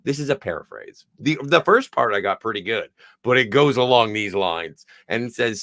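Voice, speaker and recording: A man's voice: lowish voice, expressive, normal speed, fairly bright tone, no room sound, studio quality. A man co-hosting a podcast, chatting bluntly and wryly about a TV show and swearing freely. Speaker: podcast co-host. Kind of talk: casual chat about a TV show.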